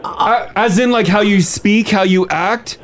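A man's voice: sits high, unhurried, fairly bright tone, slight background noise. A man hosting a radio morning show, chatting easily with callers and laughing often. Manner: easygoing, jokey, laughs often. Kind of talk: casual chat with callers.

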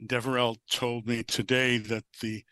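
A man, a university professor, calmly recounting his own story in a measured, matter-of-fact way, played as an audio clip. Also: mid-range voice, no room sound.

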